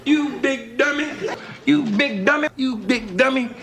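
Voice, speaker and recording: A gravelly old man yelling "dummy". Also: very high voice, unhurried, a crowd in the background. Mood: exasperated. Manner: shouting insults, mock despair. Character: exasperated older man scolding a big dummy.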